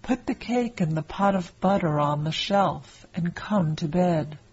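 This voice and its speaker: A woman voicing a sly wicked male wolf disguised as a grandmother, speaking in a muffled voice, quicker and higher than her narration. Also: darkish tone, husky.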